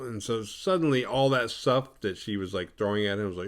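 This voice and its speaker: A man's voice: lowish voice, fast talker, few pauses. Profane rambling male podcast host. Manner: profane, rambling, acts out the characters. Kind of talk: casual movie recap.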